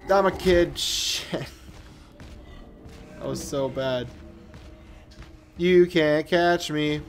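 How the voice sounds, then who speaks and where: A man giving excitable, joking let's play commentary on a game, swearing and talking back to the screen. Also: high-pitched, drawn-out words, faint music behind. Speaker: gaming commentator. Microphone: new desk mic with webcam.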